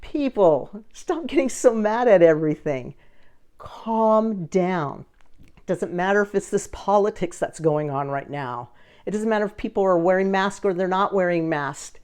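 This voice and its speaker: A woman's voice: mid-range voice, moderate pace, clear, resonant tone. A woman vlogger telling a story to camera in a casual way, acting out the other people in it. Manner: animated, acts out the other people in her story. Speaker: vlogger running a social media page.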